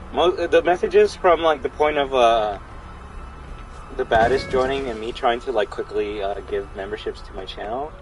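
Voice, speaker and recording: A man's voice: mid-range voice, poor audio. A young man chatting casually to his viewers while livestreaming a game, rambling and talking straight to chat. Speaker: streamer.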